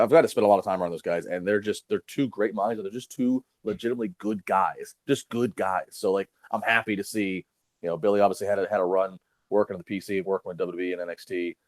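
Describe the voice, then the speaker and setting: A young man co-hosting a wrestling podcast, talking casually and quickly with stammered restarts. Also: deep voice, dry recording. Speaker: podcast co-host.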